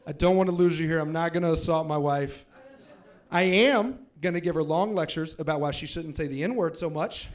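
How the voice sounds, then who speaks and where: A man's voice: on the high side, normal speed. A young man from Louisiana doing a stand-up comedy set, telling a story with playful, punchy timing.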